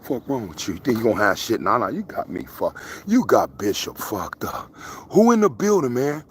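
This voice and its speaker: A man's voice: medium pitch, sing-song, moderate pace, husky. A man casually rambling to his viewers outdoors in the country, joking and cursing freely. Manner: profane, joking, talks to viewers. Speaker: vlogger. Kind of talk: casual rambling livestream vlog.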